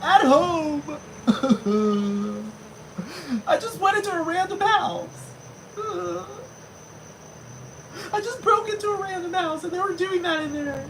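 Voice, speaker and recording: A person voicing a panicked homophobic intruder in a mocking impression, crying out in high frantic shrieks that break into laughter. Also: slow pace, gravelly, pauses often, distant mic, background noise, exaggerated voice. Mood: shrieking.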